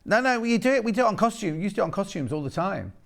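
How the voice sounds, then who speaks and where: Lively man selling fabric. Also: high-pitched, racing, creaky. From West Midlands, England. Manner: chatty, bubbly, jokey banter, repeats prices. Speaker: TV shopping channel presenter. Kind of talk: live shopping TV sales patter. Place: TV studio.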